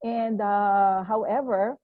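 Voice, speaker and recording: A woman's voice: medium pitch, steady tone, slow pace, no room sound. Woman giving a technical talk on a video call, lots of uh's, thin phone-like sound, dead dry. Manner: hesitant, many fillers and restarts. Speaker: conference presenter. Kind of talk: formal technical presentation. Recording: tinny phone-like online call audio.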